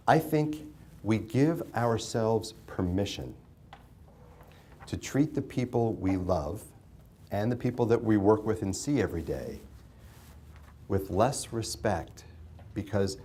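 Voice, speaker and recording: A man's voice: on the low side, animated, slow pace, long pauses, mellow, a little hiss or hum. A man leads a classroom session on mediation. He talks in a conversational way, asks the class questions and repeats their answers back to them. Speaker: mediation instructor. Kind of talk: interactive classroom lecture.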